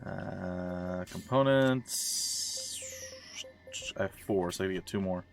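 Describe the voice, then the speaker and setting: A man with a lowish voice talks through a video game stream in a loose, rambling way. He jokes at his own expense and drifts into asides from his day. Soft game music plays faintly behind him. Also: takes it slowly, vocal fry. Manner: chatty, self-mocking, meandering asides. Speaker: let's play streamer. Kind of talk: casual rambling gameplay commentary. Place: at home.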